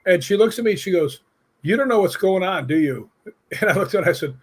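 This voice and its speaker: A man's voice: high-pitched, brisk, slightly rough. A man, a guest on an interview show, telling casual anecdotes and acting out the people in them. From United States. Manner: animated storyteller who acts out quoted people. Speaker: guest, stunt coordinator and paranormal investigator.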